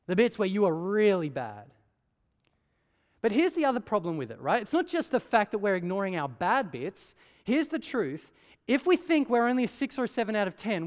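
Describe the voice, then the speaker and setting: A man preaching a sermon, talking in a conversational way and often checking in with "right?". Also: high voice. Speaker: pastor. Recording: long hall reverb.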